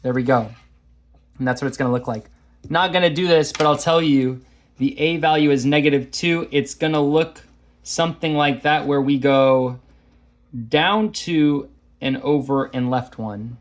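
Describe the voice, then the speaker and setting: A man teaches a math lesson, walking through graphing problems in a chatty, self-deprecating way. His voice is medium-pitched and he keeps a moderate pace in this casual lesson walkthrough.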